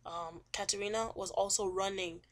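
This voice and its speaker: A woman's voice: medium pitch, steady tone, moderate pace. A young woman casually retelling a novel chapter in a chatty, rambling way, full of fillers and repeats. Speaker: student summarizing a novel chapter. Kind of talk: casual spoken book summary.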